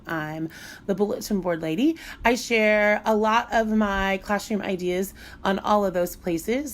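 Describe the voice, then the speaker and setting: A middle-aged woman with a medium-pitched voice teaches music in a casual live online lesson. She's chatty and playful and laughs a lot.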